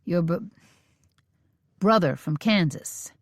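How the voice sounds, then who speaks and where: A woman voicing a tense young rancher man who speaks haltingly, forcing a casual tone. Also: fairly low pitch, expressive, no echo, clean studio sound, heavily acted. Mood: strained.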